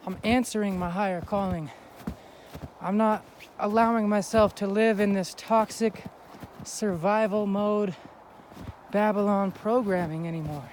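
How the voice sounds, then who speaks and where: A man's voice: high voice, steady tone, unhurried, a little mellow, slight background noise. A man giving a heartfelt, upbeat spiritual pep talk while hiking a snowy mountain, a little out of breath. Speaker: vlogger. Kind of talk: inspirational vlog talk.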